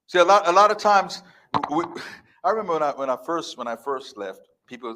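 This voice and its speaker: A man's voice: on the high side, lively intonation, a little fast, pushed and bright. A man in his fifties giving a motivational speech as a life coach before a live audience, emphatic, repetitive and defiant. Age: 50s.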